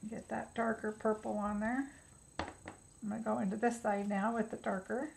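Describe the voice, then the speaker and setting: A woman's voice: a little high, little pitch movement, moderate pace, vocal fry, a little mellow, slight background noise, rough recording. A woman giving a casual step-by-step craft tutorial, chatty and instructive, thinking aloud as she works. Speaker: craft demonstrator.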